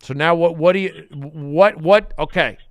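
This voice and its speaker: A man hosting a comedic podcast in a studio, intense and repetitive, swinging from muttering to loud outbursts. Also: a little high, measured pace, no echo, lo-fi sound. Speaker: podcast host.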